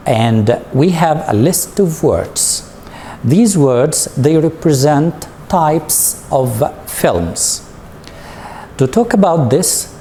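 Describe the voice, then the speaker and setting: A man of medium pitch and mellow tone gives a slow recorded English lesson to students. He stays patient and drawn-out, steering the class with questions, while slight background noise sits under his voice.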